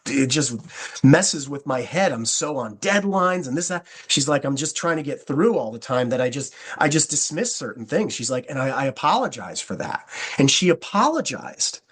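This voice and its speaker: A man coaching a sales team, talking fast and acting out both sides of phone calls as he goes. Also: mid-range voice, slightly rough. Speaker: network marketing trainer. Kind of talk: coaching talk with sample scripts.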